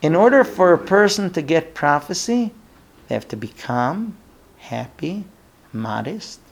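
A man with a somewhat high voice teaches a Bible lesson as a story. He acts out the characters' lines and turns to his listeners with questions. He sometimes halts and repeats words while he thinks. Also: expressive, measured pace, vocal fry, a little hiss or hum. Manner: storytelling with acted-out dialogue, asks listeners questions. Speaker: Torah teacher.

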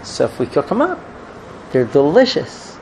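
A man's voice: on the high side, huge pitch swings, normal speed, a little mellow, a little hiss or hum, rough recording. A man voicing a simple, eager shepherd husband who speaks cheerfully.

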